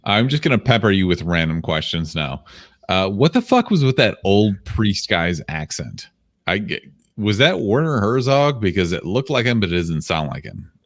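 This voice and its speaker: A man's voice: fairly low pitch, very animated, moderate pace. A man co-hosting a podcast, sarcastic and argumentative, bluntly needling his co-host in casual chat. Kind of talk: casual chat, movie review.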